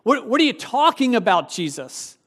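A man's voice: extremely high pitch, sing-song, normal speed, a bit bright, slightly rough, exaggerated voice. A man voicing a confused male religious teacher who stammers out incredulous questions. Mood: bewildered.

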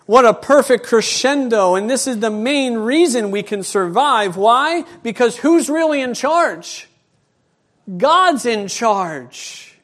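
A middle-aged male pastor preaching a sermon, telling a personal story in an animated way and acting out the voices. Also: extremely high pitch, slow.

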